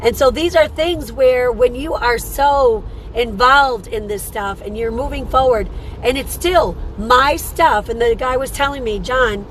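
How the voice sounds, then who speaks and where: A woman's voice: on the high side, measured pace, slight background noise, low-quality recording. A woman who works as a psychic medium and hosts a show, telling a story in a rambling, casual way and repeating phrases for emphasis.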